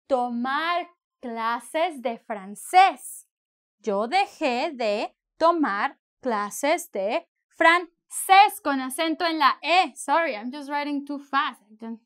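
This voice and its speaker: A woman teaching a bilingual lesson, deliberately, switching between English and with playful asides. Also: on the high side, a bit bright. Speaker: Spanish teacher.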